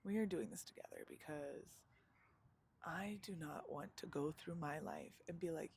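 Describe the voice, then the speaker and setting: A woman's voice: deep voice, normal speed, creaky, a little mellow, slight background noise. A young woman vlogging live outdoors in a chatty, slangy, self-mocking way, laughing often. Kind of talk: casual live vlog chat.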